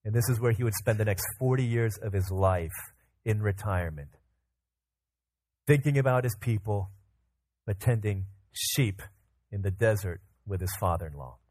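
A man's voice: lowish voice, moderate pace, pauses often, no room sound. Man preaching a story-driven sermon. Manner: lively retelling, with restarts and fillers. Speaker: pastor.

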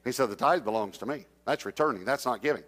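A middle-aged man preaching, telling a personal story and acting out the dialogue, sometimes dropping to a hush. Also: mid-range voice, fast talker. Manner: anecdotal, acts out dialogue, drops to a hush for suspense. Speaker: traveling preacher. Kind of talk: storytelling sermon.

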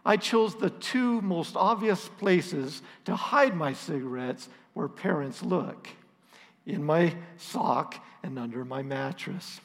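A middle-aged male pastor with a slightly high voice tells a story in a relaxed, self-deprecating way. His voice rings out in a church hall with a long, trailing reverb. He talks easily, as if chatting with his people. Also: slow. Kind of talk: storytelling sermon.

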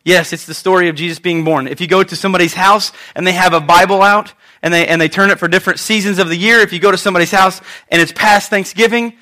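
A man in his thirties, a pastor giving a conversational Mother's Day sermon, animated and prone to repeating himself. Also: sits high, fast talker, hardly any pauses.

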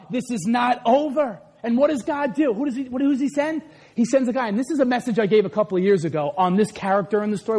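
A man preaching a sermon, telling a story with animated, conversational energy. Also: high voice, husky. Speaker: pastor.

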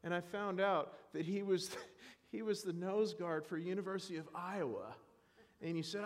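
A man preaching a sermon in church, animated and self-deprecating, joking with the congregation. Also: high-pitched, a little slow, in a large hall. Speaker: pastor.

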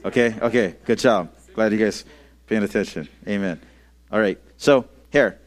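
This audio-only sermon features a male pastor with a lowish voice speaking at a normal pace. He keeps things casual for his young audience, checking in with "okay?" and "amen?" and leading call-and-response.

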